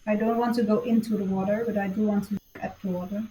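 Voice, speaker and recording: A woman's voice: medium pitch, little pitch movement, fast talker, dark tone, a little hiss or hum, rough recording. A woman playing a tabletop role-playing game, speaking plainly and asking questions in character. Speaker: player.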